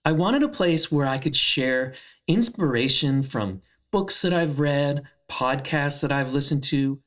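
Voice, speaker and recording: A man hosting a casual mindfulness monologue, talking earnestly and guiding the listener through slow counted breathing. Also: a little high, rough recording. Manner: earnest, conversational, guides breathing with counted pauses. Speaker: host.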